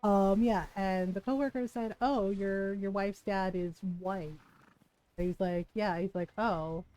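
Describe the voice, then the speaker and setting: A woman streaming a video game, chatting casually and telling stories in an animated way, with plenty of swearing. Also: mid-range voice, slow pace, soft background music, rough recording. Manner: animated storytelling with frequent swearing and laughter. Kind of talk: casual gameplay chat.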